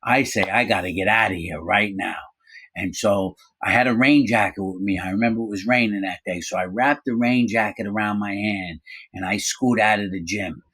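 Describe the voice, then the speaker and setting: Man, middle-aged, low voice, casual storytelling, animated, acts out quotes. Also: normal speed, husky. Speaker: storyteller recounting his prison time.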